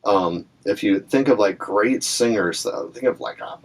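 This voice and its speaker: Speaking unhurriedly in a fairly low voice, a man gives a relaxed ukulele lesson, talking through examples with fillers and asides. He strums the ukulele between phrases.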